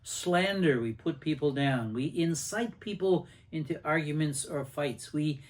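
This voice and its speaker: An older man hosts a casual lesson on anger, speaking to camera in a conversational way and acting out small anecdotes and quotes. He's the host and an anger management teacher, and his voice is on the high side at a measured pace.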